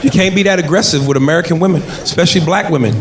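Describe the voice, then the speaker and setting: A male stand-up comedian with a high voice works a comedy club stage, loud and profane and shouting his punchlines. Heavy crowd laughter fills the room, and the sound is roomy and echoing. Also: racing. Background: audience laughter.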